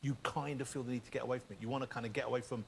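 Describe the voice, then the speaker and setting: A middle-aged man hosting a TV chat show, joking and asking questions briskly. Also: mid-range voice, steady tone, gravelly. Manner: jokey, brisk interviewer. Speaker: talk show host. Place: TV studio with live audience. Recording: VHS TV recording, loud crowd and hiss.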